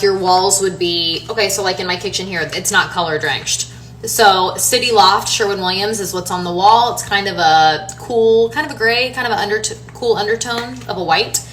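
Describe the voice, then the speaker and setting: A woman's voice: on the low side, bright, forceful tone. A woman in her thirties chatting casually to her followers in a rambling way, full of fillers and restarts. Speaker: home renovation designer and social media creator. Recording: somewhat distant from the mic, faint room noise.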